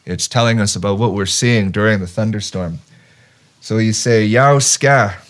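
A man's voice: fairly low pitch, steady tone. Patient man teaching song words. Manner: patient, explains then repeats words slowly for learners. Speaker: teacher of traditional songs.

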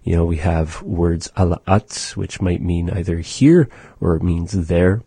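A man teaching a language lesson, explaining pronunciation patiently in a measured way with frequent pauses. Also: sits low, dark tone, husky, no echo.

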